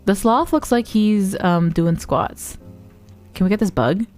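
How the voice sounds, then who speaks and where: A woman's voice: medium pitch, measured pace, darkish tone, soft background music. A woman streamer chatting playfully while playing a game, giggling and gasping often and greeting her viewers. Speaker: variety streamer. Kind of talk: casual live-stream gameplay chat.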